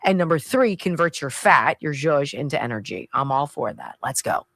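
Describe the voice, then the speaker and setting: Lady radio host, opinionated commentary, sarcastic, very animated voice. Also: deep voice, normal speed, creaky, dry recording. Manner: emphatic, sarcastic, reads ad copy with hard sell.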